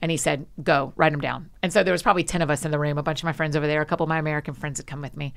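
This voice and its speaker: A woman guest on a podcast, chatting casually and telling stories with animated energy and quick asides. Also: low voice, smooth. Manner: frequent laughs and quick asides. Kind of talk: casual conversation.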